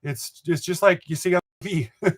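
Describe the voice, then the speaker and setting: Hosting a live stream about model trains, an older man from Montana speaks at a moderate pace in a high voice with a breathy edge. His chatter is folksy and meandering, and he laughs softly as he reads out viewer comments.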